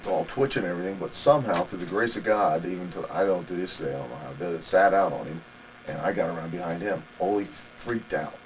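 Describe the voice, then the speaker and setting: A man telling wrestling stories as a guest in a shoot interview, animated and laughing as he goes. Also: low voice, fast talker, a little hiss or hum, low-quality recording. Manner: animated, laughing anecdotal storytelling.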